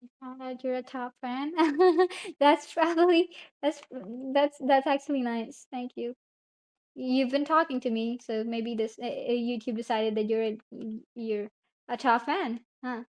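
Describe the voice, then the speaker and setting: Young woman, from India, live-stream chat, rambling, answers chat aloud, slightly high voice. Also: steady tone, unhurried, darkish tone.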